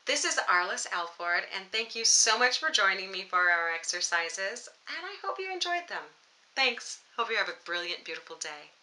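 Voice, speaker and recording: Bright, animated woman voice teacher. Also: mid-range voice, normal speed, rough recording. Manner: playful, encouraging, demonstrates exercises. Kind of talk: vocal warm-up lesson to camera. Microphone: camera mic, close framing.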